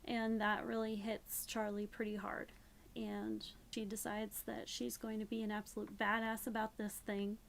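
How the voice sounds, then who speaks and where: A woman's voice: mid-range voice, flat delivery, measured pace, gravelly, a little hiss or hum. A young woman recapping a book in a casual, sarcastic, rambling way, a bit tipsy. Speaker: book reviewer. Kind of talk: casual spoken book review.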